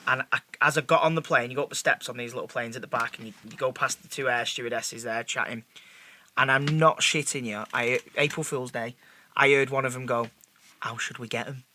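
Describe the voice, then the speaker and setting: A man with a Yorkshire accent, a podcast host telling a sweary story in relaxed, casual chat. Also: medium pitch, a little fast, slight background noise. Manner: laid-back, sweary anecdote teller. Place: home studio.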